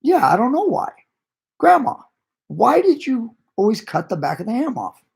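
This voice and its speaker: A man's voice: high-pitched, sing-song, brisk, vocal fry, mellow, husky, pitched above the performer's own voice, heavily acted. A man retelling a puzzled son at a holiday dinner. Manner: bewildered, insistent questioning.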